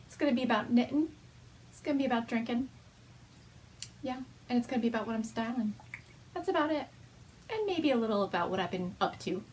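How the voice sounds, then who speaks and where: A woman's voice: on the high side, a little mellow, a little hiss or hum. Giggly chatty woman knitting vlogger. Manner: giggly, chatty, often laughing. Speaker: knitting podcast host. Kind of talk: casual chatty vlog.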